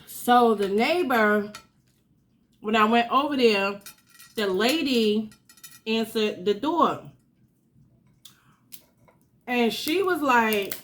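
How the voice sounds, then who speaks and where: Slow-talking woman. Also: fairly high pitch, a bit bright, a little hiss or hum. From New York. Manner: chatty, drawn-out storytelling with asides. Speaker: channel host. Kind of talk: casual storytime while eating.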